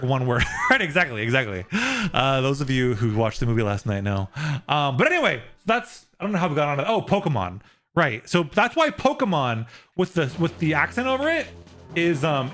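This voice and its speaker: A man's voice: mid-range voice, very animated, moderate pace, fairly bright tone, soft background music. A young man streaming live, casually explaining a topic and answering his viewers' chat.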